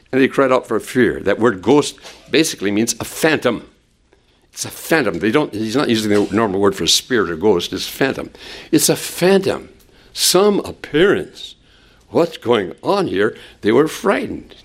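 A man preaching an expository sermon, asking the congregation rhetorical questions and dropping low and soft when he quotes scripture. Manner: animated, drops low and soft for quoted words.

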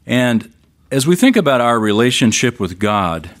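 A man's voice: mid-range voice, big pitch swings, moderate pace. A middle-aged man preaching a sermon, telling a story with rising and falling emphasis. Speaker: pastor.

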